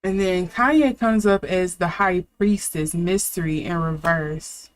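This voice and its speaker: A woman's voice: lowish voice, unhurried, slight background noise. A young adult woman giving a casual tarot reading, thinking aloud with fillers and restarts. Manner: chatty, thinking aloud, with fillers and self-corrections. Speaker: tarot reader.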